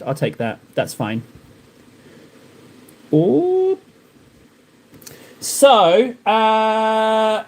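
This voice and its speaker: Male streamer, fairly high voice, rambling and joking with chat as he paints. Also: darkish tone. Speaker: live streamer painting miniatures. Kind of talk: casual live-stream chat while painting.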